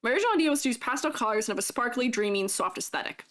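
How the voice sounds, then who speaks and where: Woman streamer, casual chat, lively bouncing pitch, fairly high voice, giggly. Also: racing. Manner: giggly, chatty, reads chat aloud; talks while eating. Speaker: streamer and 3D artist.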